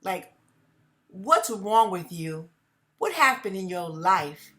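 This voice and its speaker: A middle-aged woman speaking straight to her viewers. She talks emphatically, circles back over her phrases and laughs between her points. Her pitch sits in an ordinary middle range for a woman. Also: sing-song, slow pace, pushed and bright. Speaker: host of a commentary channel. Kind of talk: personal commentary to viewers.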